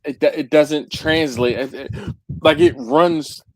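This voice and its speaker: Rambling man, slightly high voice. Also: a little slow, dry recording, poor audio. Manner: rambling, stumbles and repeats words; acts out quotes with big jumps in voice. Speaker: livestream host. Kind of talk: casual live chat.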